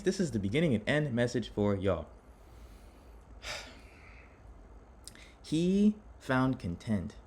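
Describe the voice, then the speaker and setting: A man giving an impassioned personal monologue to his viewers. He talks in a dramatic, rambling way, restarting his sentences and speaking straight to his audience. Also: medium pitch. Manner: dramatic, addresses listeners directly. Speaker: vlogger on self-improvement.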